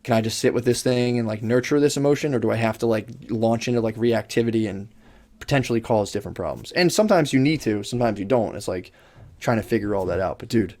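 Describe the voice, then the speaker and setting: A young man co-hosting from a podcast studio chats through long, loose explanations, frequently restarting sentences and swearing casually. He keeps to an ordinary middle pitch, speaking at a quick pace in a slightly mellow voice.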